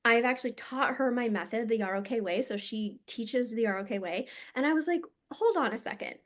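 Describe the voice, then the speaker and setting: A woman's voice: on the high side, a little fast. A woman healer and coach giving a casual teaching monologue, blunt and emphatic, swearing freely.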